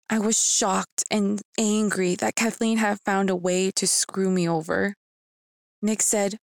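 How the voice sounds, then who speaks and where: A young woman telling a dramatic first-person story with an expressive delivery. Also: medium pitch, normal speed, dry recording. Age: young adult.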